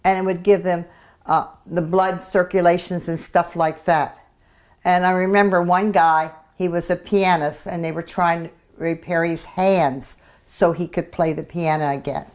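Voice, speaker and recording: An elderly woman veteran in an oral history interview, her voice sitting a little low. She speaks reflectively and haltingly, restarting her sentences as she recalls. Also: steady tone. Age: 80s.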